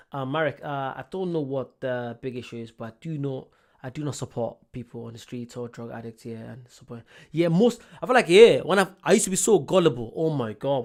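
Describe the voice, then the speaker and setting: A young man chatting casually on a live reaction stream, reading viewer comments and telling stories while apologizing often. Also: a little high. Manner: chatty storyteller who keeps apologizing.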